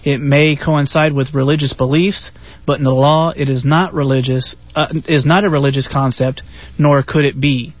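A man's voice: medium pitch, fairly even intonation, moderate pace, no echo. A man reads an article aloud on a radio talk show, stumbling over fillers between sentences. The sound is dry and close, with a dull lo-fi radio tone. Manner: hesitant, filler-heavy reading.

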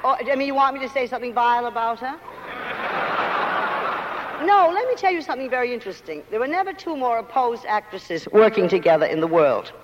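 A woman's voice: a little high, animated, brisk, in a large hall, muffled recording, slight background noise. An older woman with a mid-Atlantic accent, a guest talking emphatically and theatrically in a live on-stage interview, often laughing.

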